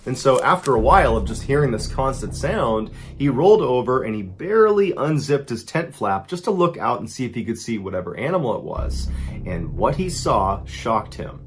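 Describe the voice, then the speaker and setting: Male host telling a scary tale, hushed-to-excited swings, animated pitch. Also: normal speed. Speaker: storyteller host. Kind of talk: true scary story narration.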